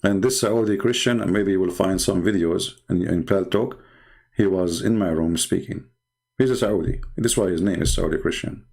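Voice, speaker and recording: A man's voice: low voice, moderate pace, creaky, a little mellow, husky. A man hosting a live online debate stream, sarcastic and mocking, speaking English with non-native grammar. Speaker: livestream host.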